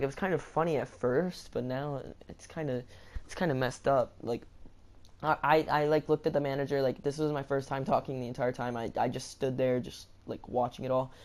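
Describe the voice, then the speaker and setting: Casual storytime vlogger, young male, stammers and restarts, rambling delivery. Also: medium pitch. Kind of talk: storytime vlog.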